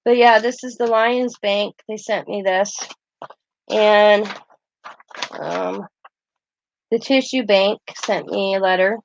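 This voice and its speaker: A craft channel host with a mid-range, gravelly voice tells rambling, laugh-filled stories while showing keepsakes in a casual show-and-tell vlog, speaking slowly with long pauses. The audio has its highs cut off plus a little hiss or hum.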